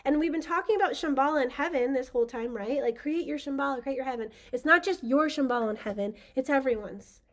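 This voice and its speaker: A woman with a high, light voice leads a spiritual session. She talks casually and with enthusiasm, rambling and circling back with plenty of fillers as she teaches. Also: fast talker, hardly any pauses, fairly bright tone. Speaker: spiritual workshop host.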